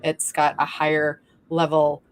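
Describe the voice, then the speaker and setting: Lady hosting a podcast, a little lower voice, earnest and affirming. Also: monotone, a little slow, a crowd in the background. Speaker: podcast host. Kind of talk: casual conversation.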